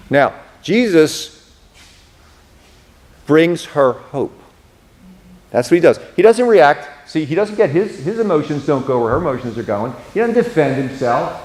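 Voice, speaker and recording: A male pastor lecturing a class in a relaxed, talky way, voicing the speakers he quotes with plenty of expression. His pitch sits in the middle of the male range, and he keeps throwing in casual asides as he teaches. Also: moderate pace. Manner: animated, acts out quoted speech with expression; casual, asides like "you know what I mean".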